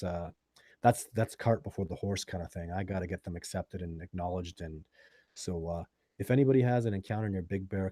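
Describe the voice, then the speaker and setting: Excitable man with a dark, dry voice. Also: fairly low pitch, dry recording. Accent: Canadian. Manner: excitable, swings between loud enthusiasm and quiet musing. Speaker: live show host answering viewer questions. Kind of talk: casual live-stream chat.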